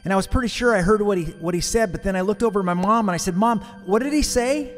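A middle-aged male pastor telling a personal story in a sermon, earnest and halting, with many restarts. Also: high voice, faint music behind.

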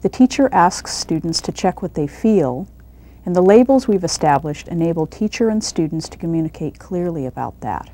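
A woman narrating an instructional video on reading and coaching a student calmly, step by step. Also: on the low side, normal speed. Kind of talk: scripted narration and one-on-one teaching.

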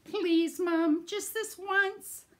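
A woman voicing an eager, hopeful young boy in a read-aloud picture book story, pleading and excited. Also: very high voice, very slow, pitched above the performer's own voice, heavily acted.

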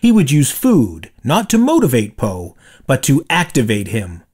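A man narrating a children's storybook aloud, slow and deliberate. His voice is husky, and his pitch rises and falls in a lively, expressive way that suits bedtime stories. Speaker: storybook reader.

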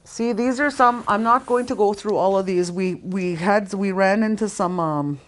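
A middle-aged woman teaching a recorded language lesson, patiently repeating words slowly and explaining step by step. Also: mid-range voice.

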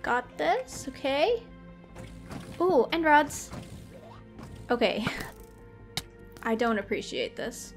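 A young woman giving chatty, excitable commentary while playing a video game, often laughing. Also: high-pitched, extremely slow, long pauses, faint music behind. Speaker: gaming video creator. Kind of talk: live gameplay commentary.

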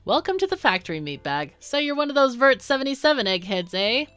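A woman's voice: high voice, very animated, a little fast, fairly bright tone, smooth, no echo, faint music behind, pitched above the performer's own voice. A woman playing a bossy factory overseer. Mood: gruff. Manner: barking orders, insulting.

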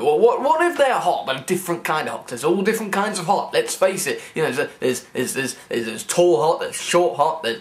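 A young man, rambling and joking through a comic vlog, often restarting his sentences with stammers. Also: a little high. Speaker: comedy vlogger.

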